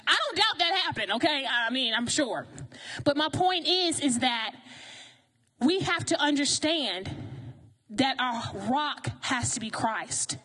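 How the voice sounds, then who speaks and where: A woman preaching a sermon in a lively, conversational way, often asking the congregation questions. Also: high voice, slow pace.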